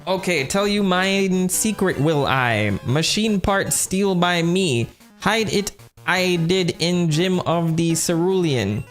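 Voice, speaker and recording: A man plays a shady male gang crook from a game who speaks slowly in broken, backwards English. The put-on English-Jamaican accent comes out in a raised, halting voice. Soft music plays underneath. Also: sits high, animated, voice pushed up. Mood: scheming. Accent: put-on mix of English and Jamaican. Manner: slow, halting, words in odd order. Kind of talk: reading game dialogue aloud.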